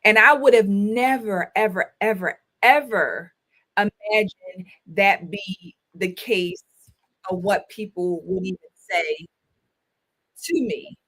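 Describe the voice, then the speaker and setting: Slow and slightly bright, this mid-range female voice comes from a talk show host and school counselor in her thirties. Hosting a laid-back livestream, she talks straight to her audience with emphatic delivery and repeated phrases.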